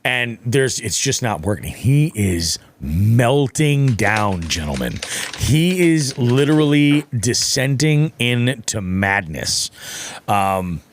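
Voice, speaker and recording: A man's voice: medium pitch, takes it slowly. A young man casually telling a fishing story on a podcast, swearing freely and acting out what others said. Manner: profane, animated, acts out quotes. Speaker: podcast speaker.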